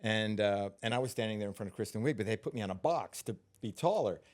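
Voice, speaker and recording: A man, a stuntman guest, telling stories in a relaxed interview, unhurried and full of fillers and restarts. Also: fairly low pitch.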